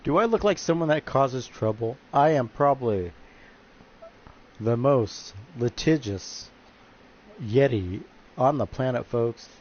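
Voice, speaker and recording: A man's voice: medium pitch, animated, takes it slowly, a little mellow, highs cut off. Jokey man calling a video game wrestling match. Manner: jokey wrestling-announcer patter, keeps saying folks; stumbles and restarts phrases. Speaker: wrestling game commentator and stream host. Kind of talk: play-by-play commentary on a video game stream.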